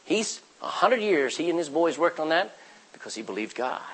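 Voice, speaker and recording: A man preaching a sermon as pastor, emphatic, swinging from loud declarations to hushed, quiet passages. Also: on the high side, sing-song, normal speed, slightly rough, low-quality recording.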